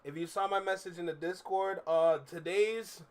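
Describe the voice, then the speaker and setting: This young man's voice is high-pitched and steady, moving at a moderate pace. Reacting to music on a live stream from his room, he chats candidly, rambling and repeating himself with frequent fillers.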